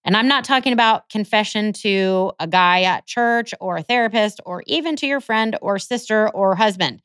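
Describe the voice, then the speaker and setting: A woman's voice: mid-range voice, normal speed, a bit bright, smooth, dry recording. A woman hosting a Christian show, teaching in an earnest, scripted way and citing scripture verses. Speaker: host of a Christian podcast. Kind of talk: scripted Bible teaching monologue.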